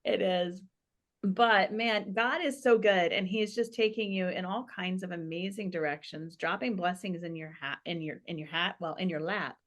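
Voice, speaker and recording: A woman's voice: lowish voice, moderate pace. A woman hosting a faith podcast, chatting in a playful, casual way and laughing often as she tells stories. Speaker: podcast host. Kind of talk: casual chat.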